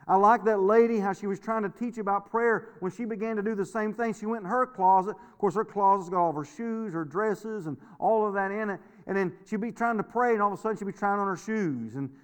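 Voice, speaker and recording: Long hall reverb surrounds this middle-aged pastor's high-pitched, clear and resonant voice. He preaches in a homespun storytelling manner, often laughing and repeating words.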